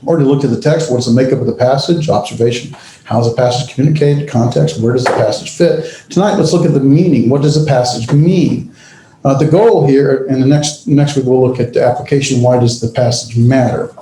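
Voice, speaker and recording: A man teaching a class on biblical languages, lecturing with frequent fillers, pauses and self-corrections. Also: medium pitch, warm tone, roomy sound, a little hiss or hum, low-quality recording. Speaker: Bible language instructor.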